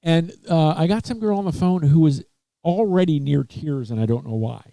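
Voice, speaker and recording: A man's voice: a little high, normal speed, vocal fry, mellow, dry recording. A man hosting a webcast, telling a long story in casual chat, full of fillers, restarts and asides. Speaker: webcast host. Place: Texas.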